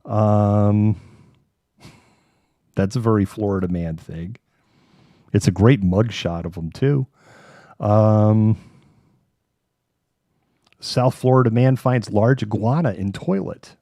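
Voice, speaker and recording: A man's voice: fairly low pitch, slow pace, long pauses, dark tone, no echo. A man hosting a casual live news chat, sardonic and rambling. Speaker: host.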